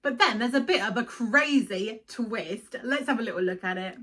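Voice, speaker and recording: Chatty, giggly woman host, high bright voice, emotional cartoon commentary. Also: normal speed. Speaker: video host. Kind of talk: casual cartoon review commentary.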